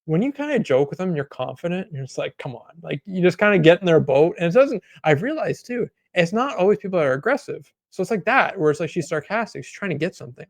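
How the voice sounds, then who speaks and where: A man's voice: on the high side, creaky, no room sound. A man co-hosting a casual podcast about running a detailing business, telling rambling, sarcastic anecdotes. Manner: sarcastic, joking; rambling anecdotes full of acted quotes. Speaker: podcast co-host, auto detailing business owner.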